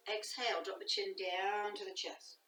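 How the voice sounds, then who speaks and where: Soft-spoken woman guiding a yoga class. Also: mid-range voice, moderate pace, faint music behind. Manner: calm and soft, often dropping to a near whisper. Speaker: yoga instructor. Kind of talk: guided yoga class instruction. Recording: echoey room, voice from a distance.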